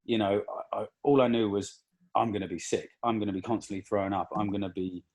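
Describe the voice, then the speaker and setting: A young man, a podcast guest, telling a painful personal story in a halting, emotional way with many restarts. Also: on the low side, fairly even intonation, darkish tone.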